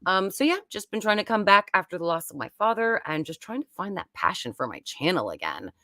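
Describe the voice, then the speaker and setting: A woman's voice: on the low side, sing-song, brisk, bright, forceful tone, no room sound, studio quality. A woman, hosting a casual, rambling live-stream chat from home. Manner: chatty and rambling. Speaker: YouTube host.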